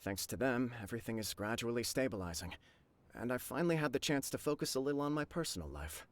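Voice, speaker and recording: An actor playing a humble, earnest young clan leader in a video game, formal and a little bashful. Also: male voice, mid-range voice, lively intonation, fast talker, natural voice.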